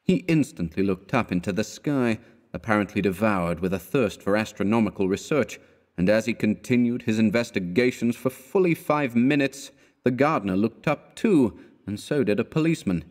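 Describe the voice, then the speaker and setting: A man with a fairly low voice reads a classic tale aloud in a measured narration. He raises his pitch when he voices the characters' lines. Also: darkish tone. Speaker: audiobook narrator. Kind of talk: scripted narration of a classic horror story.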